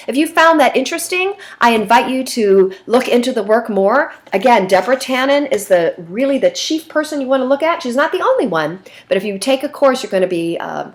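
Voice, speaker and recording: A middle-aged woman teacher giving a recorded lecture in a conversational way, with frequent fillers. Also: on the high side. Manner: conversational, with fillers and slide references.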